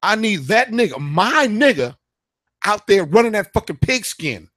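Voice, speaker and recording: Talk-radio host, male, fiery and profane, slightly high voice, dry close sound. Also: sing-song, moderate pace, fairly bright tone, no room sound. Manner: heated, profane, emphatic. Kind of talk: casual political rant.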